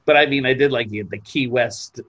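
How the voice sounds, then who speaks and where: A man's voice: medium pitch, a little fast, fairly bright tone, lo-fi sound. A man co-hosting a podcast, chatting keenly and trailing off mid-sentence. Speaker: podcast co-host. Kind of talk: casual chat.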